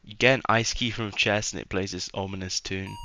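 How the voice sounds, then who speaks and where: A man's voice: fairly low pitch, steady tone, fairly quick. A man doing a casual, rambling voice-over commentary on a video game, sarcastic and trailing off into mumbles at times.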